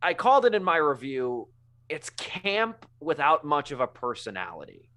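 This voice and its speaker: A man hosting a movie podcast, giving opinionated reviews with quick quips in casual chat. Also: a little high, sing-song, bright, forceful tone. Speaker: podcast host.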